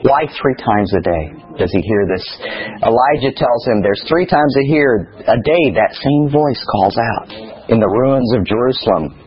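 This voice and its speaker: A man's voice: medium pitch, expressive, measured pace, dull audio. A man leading a study class, reading a text aloud and then putting rhetorical questions to his listeners. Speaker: teacher.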